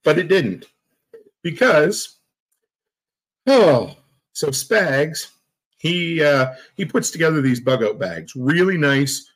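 A husky-voiced man hosts a live stream, recounting stories with a joking, animated delivery. His pitch swings widely as he talks, and his tone stays loose and conversational. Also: takes it slowly, long pauses, rough recording. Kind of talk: casual chat.

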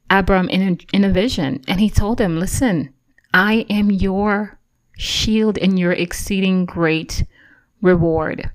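A woman giving a casual Christian devotional talk, earnest and encouraging, chatty with lots of fillers and restarts. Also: fairly low pitch. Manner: conversational, full of fillers and restarts. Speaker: Christian teacher.

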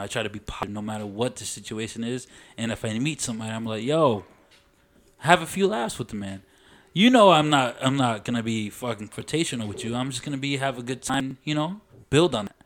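A man's voice: medium pitch, quick pace, hardly any pauses, a bit bright, slight background noise. Man, podcast co-host, earnest, reflective, casual chat.

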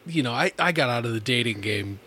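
A man talks in easy, laid-back podcast banter, trading jokes and casual swearing. His voice sits at an ordinary middle pitch. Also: expressive, quick pace, sharp tone, slightly rough.

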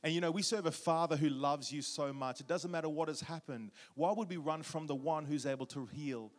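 A man preaching a sermon, warm storytelling with jokes and questions to the congregation. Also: fairly high pitch, a little fast. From Australia. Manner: humorous, audience-engaging storytelling. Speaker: guest preacher.

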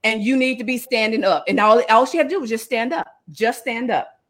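Brief: woman vlogger, high voice, animated casual storyteller who laughs through it. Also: fast. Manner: animated, laughing, acts out dialogue. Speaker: vlogger telling a family story.

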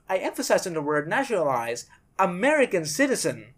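A woman's voice: lowish voice, very animated, moderate pace. A woman hosting a podcast, giving blunt, sarcastic commentary and swearing freely. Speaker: podcast host.

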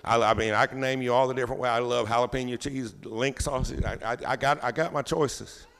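A man pastor preaching a sermon as a folksy, animated storyteller. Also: mid-range voice, fairly quick, big-room sound. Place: church sanctuary.

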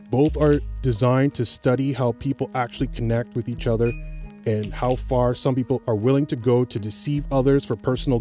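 Man, podcast host, casual rambling talk, fillers and restarts, average pitch, soft music behind. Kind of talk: casual solo podcast chat.

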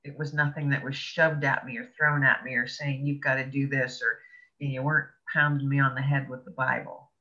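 Woman guest, earnest expressive storyteller, very bright piercing voice, dull lo-fi recording. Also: very deep voice, fairly quick. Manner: earnest, expressive storyteller who laughs between thoughts. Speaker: podcast guest, author. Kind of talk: personal storytelling in an interview. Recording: dull lo-fi audio.

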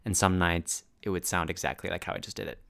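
A man's voice: deep voice, level tone, fast, vocal fry, loud music behind the voice. A man talking over a recording of his stage performance, recalling how he played each line in a candid, self-deprecating way. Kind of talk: reflective voice-over commentary.

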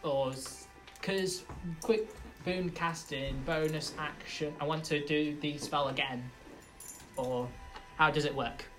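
A woman's voice: low-pitched, steady tone, takes it slowly, fairly bright tone, faint music behind, poor audio. A woman playing a tabletop game with friends, working through the rules aloud with hesitation. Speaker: player. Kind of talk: casual tabletop game play.

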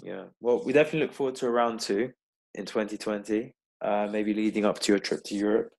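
Casual male podcast host with a deep voice and easygoing, filler-heavy delivery. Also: fast talker. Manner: relaxed, rambling with fillers. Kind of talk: casual interview chat. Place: London-based.

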